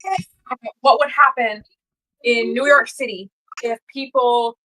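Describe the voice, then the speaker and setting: A woman's voice: on the high side, fairly even intonation, a little slow, crowd noise, rough recording. A woman co-hosting a podcast, talking casually and emphatically, repeating her points with plenty of "like". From United States. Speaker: podcast co-host. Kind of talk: casual chat.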